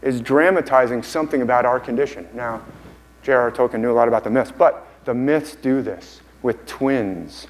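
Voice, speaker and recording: A man's voice: mid-range voice, moderate pace, poor audio. A man giving a conference lecture with enthusiasm, often repeating and restarting phrases. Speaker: conference speaker. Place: conference hall.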